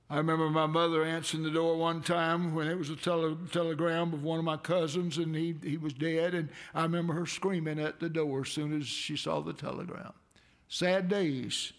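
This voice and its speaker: Older pastor with a gravelly voice. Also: male voice, on the high side. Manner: earnest storytelling, slow and heartfelt. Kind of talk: sermon with prayer.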